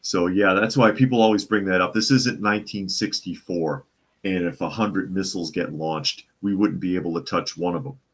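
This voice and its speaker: Reading out viewer comments on his live talk show, a Boston-area man responds with casual opinions, frequently restarting and repeating himself. He talks at a moderate pace in a low, slightly rough voice.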